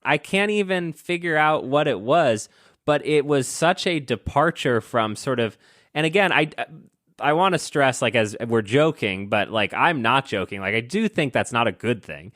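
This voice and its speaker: A man's voice: mid-range voice, animated, moderate pace, fairly bright tone, no room sound, studio quality. A man co-hosting a podcast, chatting casually in a rambling, self-deprecating way with lots of filler words. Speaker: podcast co-host. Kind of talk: casual chat.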